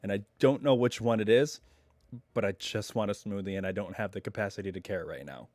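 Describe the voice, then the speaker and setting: Chatting on a casual home live stream, this man rambles and wanders into asides, his lowish, darkish voice still slightly hoarse while it recovers. He speaks briskly, and the recording is dry.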